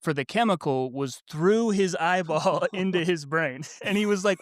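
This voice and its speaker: A man's voice: high-pitched, normal speed, hardly any pauses, no room sound, clean studio sound. A man co-hosting a book podcast, telling a family story in casual chat with frequent laughs. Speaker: podcast co-host.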